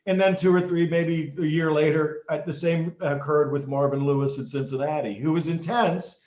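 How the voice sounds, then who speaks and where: A middle-aged man, a former referee, telling stories in an interview in an animated way, with many restarts. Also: a little high, normal speed. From United States. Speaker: guest, former football referee and basketball official. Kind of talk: storytelling interview. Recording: echoey room.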